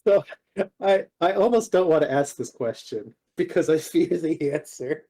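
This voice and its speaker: A man playing a tabletop game, thinking aloud with hesitant asides. His voice is a bit high and mellow. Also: animated, moderate pace. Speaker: player. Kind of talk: casual game chat.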